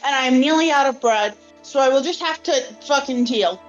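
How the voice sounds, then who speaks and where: A woman player chatting casually and warmly. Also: high voice, brisk, dull audio, over music. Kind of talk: casual chat between players.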